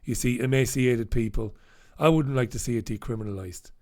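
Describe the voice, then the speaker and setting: A man's voice: mid-range voice, fairly quick, a little mellow. Sardonic man reviewing the papers. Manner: sardonic, swears freely; reads out viewer comments and headlines. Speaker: host reviewing newspapers. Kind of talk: casual live commentary.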